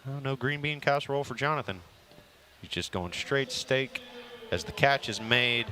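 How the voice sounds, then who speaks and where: A man's voice: mid-range voice, expressive, normal speed, sharp tone, slight background noise. A man calling a casual kickball game as play-by-play commentator, chatty and joking with his partner.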